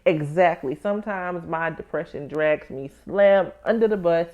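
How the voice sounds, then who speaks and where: Candid, animated woman podcast host. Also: on the low side, normal speed, lo-fi sound. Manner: candid, animated storytelling with acted-out inner voices; addresses listeners as "baby" and "y'all". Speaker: podcast host, tax professional. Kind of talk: casual personal podcast talk.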